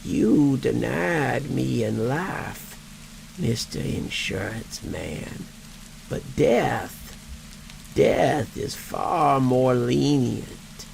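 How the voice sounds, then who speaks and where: A man voicing a menacing undead male corpse with a dry, wheezing rasp, speaking slowly and quietly. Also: medium pitch, expressive, a little hiss or hum, heavily acted, low-quality recording. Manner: slow, drawn-out and quiet.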